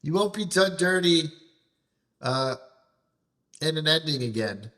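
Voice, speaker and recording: High, bright-voiced man ranting angrily. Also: animated, unhurried. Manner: ranting, frustrated, heavy swearing; repeats and restarts phrases while venting. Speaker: streamer. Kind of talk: live gameplay commentary.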